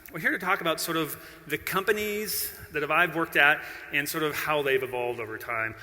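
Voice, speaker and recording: Middle-aged man, bright forceful voice, somewhat high, playful conference talk, long hall reverb. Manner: playful, self-deprecating, chatty with the audience. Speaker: conference keynote speaker.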